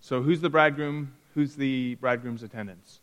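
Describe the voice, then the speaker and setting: A man's voice: medium pitch, moderate pace, a bit bright, smooth, long reverb tail. A man teaching a Sunday school Bible lesson in a conversational way, reading verses aloud and asking the class questions.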